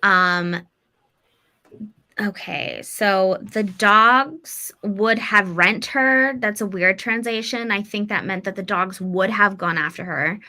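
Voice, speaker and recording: Woman podcast host, casual folklore storyteller, bright chatty voice. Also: medium pitch, slow. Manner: loose, chatty, with many fillers and swearing.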